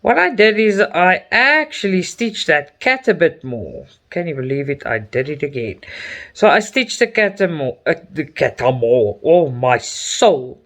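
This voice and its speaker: A man's voice: fairly high pitch, big pitch swings, unhurried, a bit bright. A middle-aged South African man, an Afrikaans speaker, chatting casually as a cross-stitch vlogger while he stitches. He talks in a chatty, openly emotional way with frequent exclamations.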